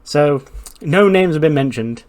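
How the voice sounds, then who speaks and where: A man giving loose, casual game narration at a middling pitch. He swears freely and chuckles between calls. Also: lively intonation, a little slow, a little mellow. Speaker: gaming YouTuber. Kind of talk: casual let's-play narration.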